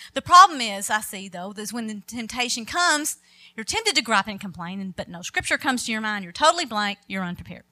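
A woman's voice: on the high side, bright, forceful tone. A middle-aged woman preaching a sermon, emphatic and quoting scripture with rising force.

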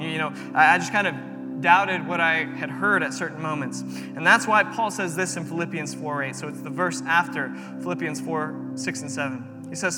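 A man's voice: fairly high pitch, normal speed, over music. A young man preaching a sermon in a hall, talking earnestly and telling a personal story with repeated phrases. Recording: long reverb of a large room.

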